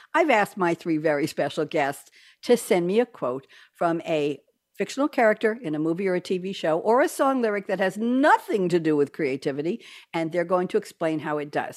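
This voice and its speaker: A chatty, rambling woman hosts a talk over a video call from her home desk. Her voice sits a little low, and she laughs easily between digressions. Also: darkish tone. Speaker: host. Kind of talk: casual chat on a video call. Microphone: desk microphone on a video call.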